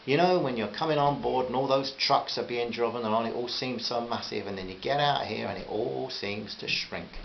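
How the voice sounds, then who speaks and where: A man's voice: medium pitch, moderate pace, creaky, few pauses, echoey room, natural voice. A man playing a heartbroken man. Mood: wistful. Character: heartbroken young Irish man, kind, wry. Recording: slightly dull with faint hiss.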